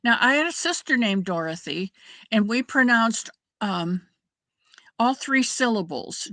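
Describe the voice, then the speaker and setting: A woman's voice: on the high side, lively intonation, measured pace, a bit bright, dry recording. A middle-aged woman hosting a crafting livestream, chatting casually and rambling as she greets viewers by name. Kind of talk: casual chat with live viewers.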